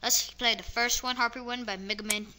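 A woman giving excitable let's-play commentary, yelping at fails and muttering asides. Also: fairly high pitch, a little fast. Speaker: gamer. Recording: loud background noise.

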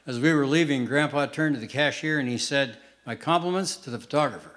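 An older man doing stand-up on stage, telling quick deadpan one-liners to a live audience. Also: mid-range voice, a little hiss or hum. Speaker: stand-up comedian. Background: audience laughter.

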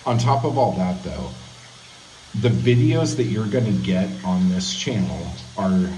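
A man's voice: low-pitched, expressive, unhurried, warm tone, echoey room, distant mic, a little hiss or hum, low-quality recording. A man hosting a writing channel, talking casually to his camera in a loose, profane, apologetic way. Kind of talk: casual vlog talk to camera. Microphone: handheld camera.

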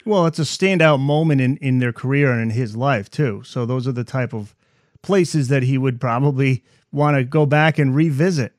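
A man's voice: mid-range voice, moderate pace, a little mellow, no room sound, studio quality. A male host in a casual interview who reacts with short remarks and asks questions.

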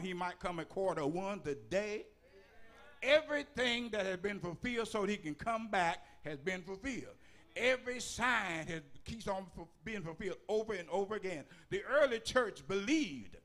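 Male bishop, high bright voice, rhythmic folksy preacher who shouts his lists. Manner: folksy, with dialect grammar and humor. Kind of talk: sermon.

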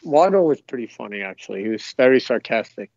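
A man's voice: medium pitch, expressive, fast, creaky, a little mellow, dry recording. A middle-aged man from the United States, talking as a guest in an upbeat, rambling way. The sound is dry and a touch dull, like a remote call. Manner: enthusiastic, rambling anecdotes. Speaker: guest, former professional footballer. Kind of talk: casual interview chat.

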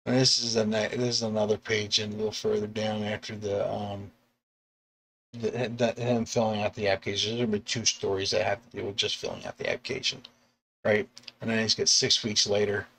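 A middle-aged man, a comic artist and bus driver, chatting casually on a live stream, rambling with restarts and chuckles and acting out quoted lines in sudden high yelps. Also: level tone, brisk, creaky, fairly bright tone, a little hiss or hum. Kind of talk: casual live-stream chat about artwork.

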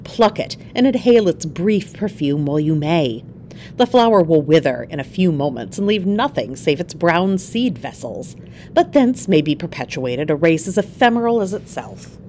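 A woman puts on a confident male scientist from a classic tale. He speaks with ardent command, in a low voice that swings up and down. The read is calm and assured. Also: moderate pace, slight background noise.

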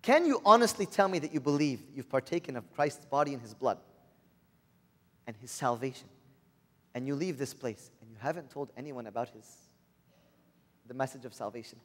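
A man's voice: medium pitch, lively intonation, brisk, long pauses, fairly bright tone. A man preaching a sermon, earnestly putting rhetorical questions to his listeners. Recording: long reverb of a large hall.

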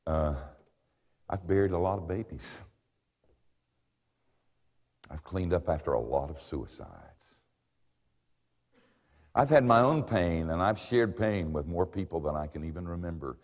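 A man's voice: expressive, measured pace, long pauses. Older male preacher in a reverberant hall. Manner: dramatic preaching with big swings in pitch and volume; wry, self-mocking humor. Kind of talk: sermon.

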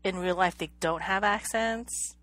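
A woman's voice: medium pitch, measured pace, fairly bright tone, dry recording. A woman co-hosting a podcast in casual chat, hesitant, often repeating words and laughing. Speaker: podcast co-host.

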